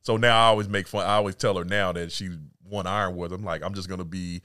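A man's voice: low voice, steady tone, fast, sharp tone, clean tone, no room sound, clean studio sound. A middle-aged man and husband, a podcast guest, chatting casually in an easygoing, self-deprecating way. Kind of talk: casual interview chat.

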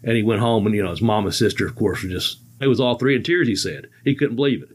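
Speaking fast in a fairly low, slightly rough voice, a man in his fifties hosts a podcast and swaps road stories in casual talk. He rambles, laughs a lot, and his grammar stays loose and colloquial.

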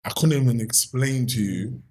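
A young man from London with a London accent, telling a story in lively casual chat and acting out the voices of people in it. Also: normal speed. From London, England. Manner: lively, acts out quoted voices with big pitch jumps. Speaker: guest telling a business story.

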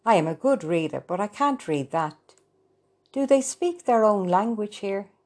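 A woman's voice: mid-range voice, lively intonation, a little slow, darkish tone, pitched above the performer's own voice. A proud older mother, read by a woman. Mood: motherly.

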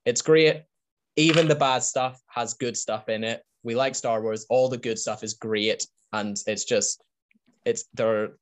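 Male podcast host, mid-pitched, chatty and enthusiastic, rambles and laughs easily. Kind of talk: casual podcast chat.

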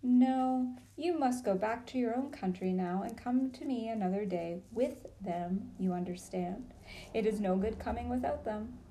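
A woman reading a storybook and voicing a cold, commanding witch queen who coaxes smoothly. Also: a little high, a little slow, dark tone. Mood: coaxing. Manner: smooth and persuasive.

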